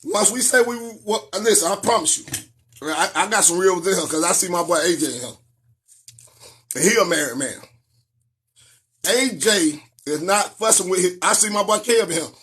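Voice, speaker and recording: Animated preachy man ranting on a live stream. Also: high-pitched, normal speed, pauses often. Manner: animated, preachy, profane, sing-song outbursts.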